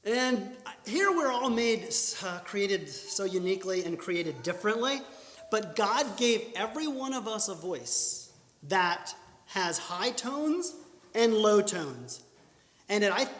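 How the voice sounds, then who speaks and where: A man giving a talk on public speaking at a church training session, lively and animated, often restarting his sentences. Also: high-pitched. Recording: echoey church hall.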